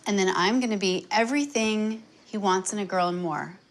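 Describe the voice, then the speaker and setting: A woman's voice: mid-range voice, fairly quick, natural voice. An actress playing an earnest, eager young woman journalist in a romance film. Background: film score.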